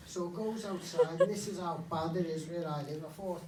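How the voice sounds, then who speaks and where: Blunt, sweary comedian on stage. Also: male voice, a little high, normal speed, few pauses, background noise. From Liverpool area. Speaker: stand-up comedian. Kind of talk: live stand-up set. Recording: echoey club from far off. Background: audience laughter.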